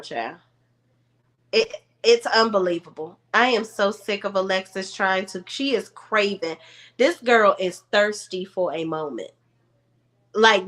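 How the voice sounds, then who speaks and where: A woman, chatting casually and sassily to camera at home as she recaps a reality show. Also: medium pitch. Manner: chatty, sassy, animated asides to viewers. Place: room at home.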